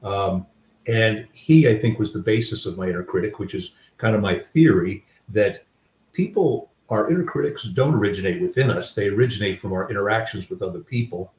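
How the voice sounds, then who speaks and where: In a conversation, a guest author who is an older grandfather recounts life stories, reflecting and poking fun at himself amid plenty of fillers and restarts. He speaks fairly quickly in a low, slightly mellow voice, captured with roomy sound a bit distant from the mic.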